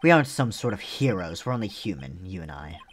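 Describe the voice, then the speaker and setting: A man's voice: sits low, sing-song, fast, slight background noise. A man voicing a composed, proud male prosecutor who speaks in a formal, lecturing way, reading game dialogue aloud. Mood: stern.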